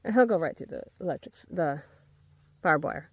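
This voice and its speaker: This woman has a deep, expressive, slightly rough voice and speaks at normal speed, with no echo. She's a homesteading vlogger musing aloud on a casual walk across a wet hay field, calling to her dogs amid dog noises and rural outdoor sounds.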